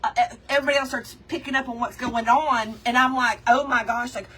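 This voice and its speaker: A woman hosting a craft livestream, telling a story to her viewers in an animated, chatty way and calling them y'all and girl. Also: a little high, fairly quick, husky, distant mic. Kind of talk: casual storytelling chat with viewers.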